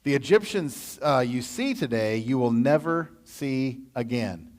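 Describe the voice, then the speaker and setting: A man with a Midwestern American accent leading a church Bible study, reading scripture and then adding animated, conversational asides. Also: mid-range voice, measured pace.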